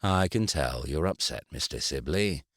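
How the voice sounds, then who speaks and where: A man voicing a formal, unbending male solicitor who speaks in a measured, formal way. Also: a bass voice, animated, no room sound, clean studio sound, exaggerated voice. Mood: cool.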